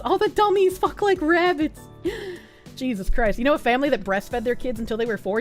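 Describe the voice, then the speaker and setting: A young woman casually chatting on a livestream, reading chat aloud, bawdy and joking, often laughing. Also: high voice.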